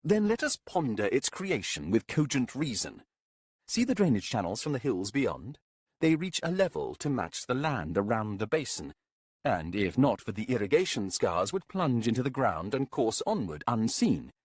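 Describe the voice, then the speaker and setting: A man's voice: medium pitch, sing-song, moderate pace, breathy edge, no echo, studio quality. A man voicing a stern, skeptical man in an audiobook, blunt and lecturing in tone. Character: stern, scornful rationalist man. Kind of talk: audiobook character voice.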